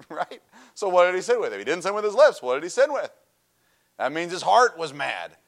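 A middle-aged man preaching a sermon, animated and storytelling, swinging from loud emphasis to quiet asides. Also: sits high, moderate pace.

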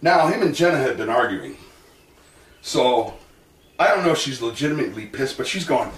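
A man's voice: mid-range voice, a little fast. A man telling stories in a casual interview, acting out what others said, swearing and laughing often. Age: 40s or older. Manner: animated storyteller who acts out quotes, swears and laughs often. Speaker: guest, wrestling manager and comic hypnotist. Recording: roomy echo from a distant mic with faint noise.

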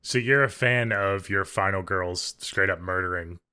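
A man co-hosting a podcast in casual chat, measured and thoughtful with a dry sense of humor. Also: sits low, sharp tone, clear, resonant tone. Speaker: podcast co-host.

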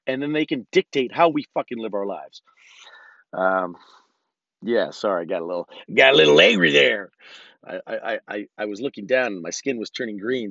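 A man's voice: mid-range voice, no room sound. A man talks alone on his podcast, rambling and cursing freely, stumbling over his words and restarting his sentences. He slips into rants now and then. The recording is dull and lo-fi, and the room is dead and dry. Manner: rambling and profane, with frequent restarts; ranting about politics. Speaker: podcast host. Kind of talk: solo podcast monologue.

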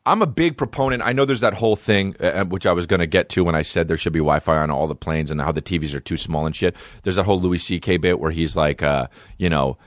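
A male comedian riffs through a rambling, profanity-laced podcast rant. His voice sits low but leaps up and down as he gets worked up. The sound is close and dry. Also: a little fast, dry recording. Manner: profane, rambling, animated rants. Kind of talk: casual comedy podcast monologue.

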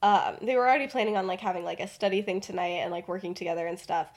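A woman's voice: mid-range voice, fairly even intonation, very fast. A young woman hosting a podcast, retelling a story in a rambling, casual way full of fillers. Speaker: podcast host.

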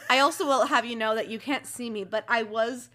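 A young woman co-hosting a casual book chat, giggly, animated and fond of swearing. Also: on the high side, a little fast. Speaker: podcast co-host.

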